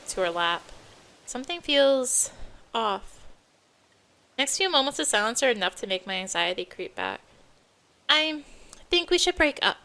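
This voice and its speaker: A woman hosting a let's play, reading a visual novel aloud with steady expression, game music behind. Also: mid-range voice, a little hiss or hum.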